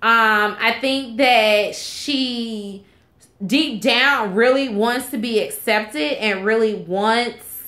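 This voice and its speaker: A woman chats through a reality TV recap with a frank, gossipy edge and plenty of fillers and side comments. Her voice sits a little high, and the sound bounces around an echoey room. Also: extremely slow, pushed and bright. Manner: gossipy, candid and opinionated, with frequent fillers and asides. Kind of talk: casual chat.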